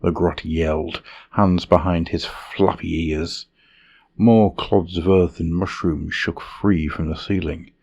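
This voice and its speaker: A man reading a fantasy story in a measured, dramatic narration style. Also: low-pitched, steady tone, vocal fry, darkish tone, lo-fi sound.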